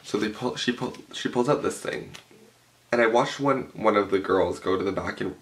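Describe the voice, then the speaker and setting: A young man telling an animated, profane story at home, full of "like" fillers. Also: fairly low pitch, normal speed. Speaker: vlogger. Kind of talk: storytime vlog. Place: home room with a cloth backdrop.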